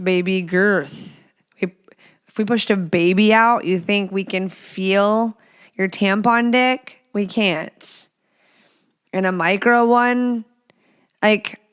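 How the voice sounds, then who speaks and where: A woman's voice: medium pitch, clean tone. A woman hosting a podcast, talking in a frank and blunt way as she answers listener questions, swearing freely and using lots of fillers. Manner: chatty with many fillers. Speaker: podcast host.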